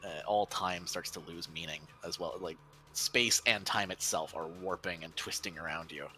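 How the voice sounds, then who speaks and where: A man's voice: low voice, normal speed, pushed and bright, faint music behind. A man narrating as game master of a tabletop role-playing game, describing scenes loosely with many fillers.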